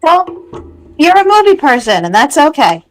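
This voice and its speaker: A woman's voice: high-pitched, sing-song, moderate pace, faint music behind. A woman co-hosting a casual chat, reacting briefly and wryly. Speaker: co-host.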